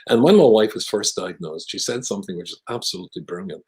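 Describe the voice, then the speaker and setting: A man's voice: fairly low pitch, big pitch swings, fast talker, warm tone, rough recording. A Scottish man from Scotland, a guest speaker telling stories in conversation with wry, self-deprecating humour. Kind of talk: conversational storytelling.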